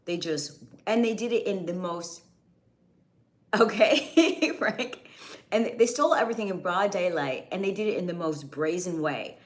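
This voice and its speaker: A woman's voice: lowish voice, a little fast. A young adult woman hosting a casual live stream, chatting with viewers by name, her voice slightly strained and going. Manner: chatty, greets viewers by name, restarts sentences. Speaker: livestream host.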